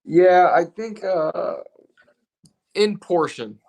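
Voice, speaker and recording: A man's voice: sits high, drawn-out words. Tired man co-hosting a live stream; loose, rambling trainer talk. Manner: relaxed, rambling, reads comments aloud. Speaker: co-host, personal trainer. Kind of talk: casual live-stream chat.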